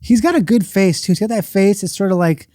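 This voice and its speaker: A man's voice: high-pitched, brisk, mellow, dry recording, clean studio sound. A man chatting casually as a podcast guest, rambling and jokey, poking fun at himself. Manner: rambling, jokey, self-mocking. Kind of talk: casual chat.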